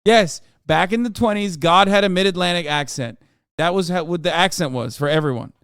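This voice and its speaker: A man streaming, reacting to a video in a profane, animated riff. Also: high-pitched, fairly quick, smooth, no echo, clean studio sound.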